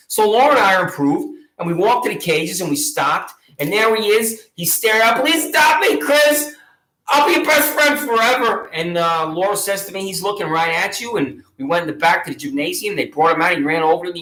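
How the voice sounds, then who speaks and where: A man's voice: fairly high pitch, fairly bright tone, reverberant, rough recording. A man delivering an angry, sarcastic monologue of accusations, combative and mocking in tone. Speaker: video channel host.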